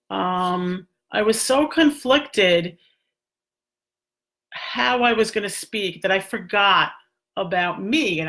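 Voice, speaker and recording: A woman's voice: mid-range voice, a bit bright. Chatty middle-aged woman giving advice. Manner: chatty, many fillers and restarts. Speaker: speech and stuttering therapist. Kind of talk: casual advice talk.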